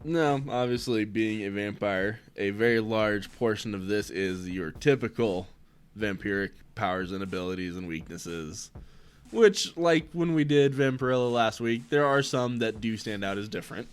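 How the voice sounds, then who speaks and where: A man's voice: lowish voice, normal speed, clear, resonant tone. A man co-hosting a casual podcast, making wry, laughing asides. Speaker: podcast co-host. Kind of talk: casual chat.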